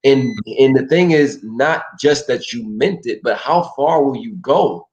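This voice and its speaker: A man co-hosting a relationship talk show, animated and acting out people in voices. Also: measured pace, low-quality recording. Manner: animated, acts out people in shouted high put-on voices. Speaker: podcast co-host.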